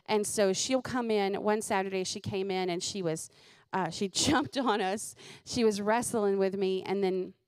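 A woman's voice: mid-range voice, smooth, no room sound, clean studio sound. Woman telling funny family stories. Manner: lively, laughs at her own stories. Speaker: comedian host. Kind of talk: comedic storytelling.

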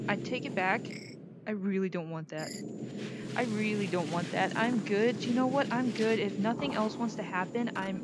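A woman hosting a let's-play of a scary VR game, talking nervously and rambling to her viewers. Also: medium pitch. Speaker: gaming video host. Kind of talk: casual let's-play commentary. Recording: noisy game ambience behind.

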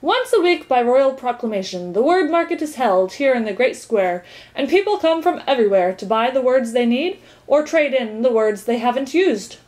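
A woman's voice: sits high, lively intonation, normal speed, darkish tone, voice pushed up. A woman voicing a pompous, impatient male court minister in a storybook reading.

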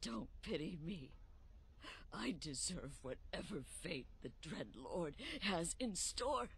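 An actress playing a remorseful, resigned female assassin leader who speaks in a measured, grave way. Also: fairly low pitch, very animated, creaky, heavily acted.

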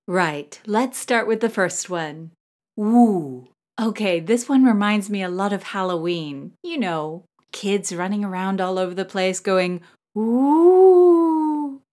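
A young woman giving a scripted pronunciation lesson, drawing out each model syllable slowly and carefully. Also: mid-range voice. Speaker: pronunciation teacher.

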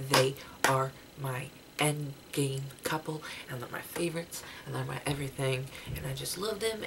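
A young woman with a low voice gushes about a TV episode, rambling and restarting her sentences. Her home recording carries a clear hiss of background noise. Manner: gushing, rambling, many "like"s and restarts. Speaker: TV review vlogger. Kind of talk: casual excited review chat.

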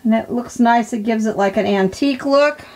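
A woman's voice: on the high side, normal speed, a little mellow. A woman hosting an art tutorial, chatting casually and encouragingly as she demonstrates her work. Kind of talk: casual craft demonstration narration.

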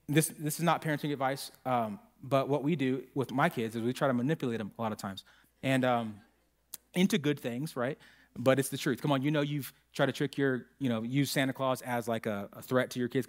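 A male pastor delivers a sermon in a church, speaking in a fairly high voice. He tells stories animatedly and acts out the quotes. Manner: animated storytelling with acted quotes.

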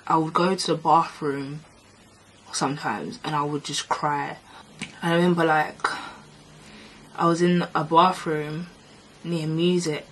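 A woman telling a personal story to camera in a vlog, animated and re-enacting past arguments. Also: deep voice, a little hiss or hum, poor audio. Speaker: vlogger. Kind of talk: storytime narration.

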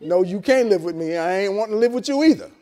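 A man with a very high voice preaches a sermon to his congregation. He talks loosely and conversationally, doubling back on his words and calling for amens. His asides are blunt and joking. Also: animated, fast, dark tone, some chatter behind. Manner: conversational preaching with frequent repeats and call-and-response. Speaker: pastor. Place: church service held in a hotel venue.

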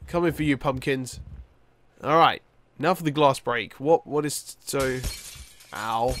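A young man giving rambling, tired let's-play commentary, with many fillers and sudden excited outbursts. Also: mid-range voice, a little slow, pauses often, slight background noise. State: tired, yawning. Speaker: gaming YouTuber.

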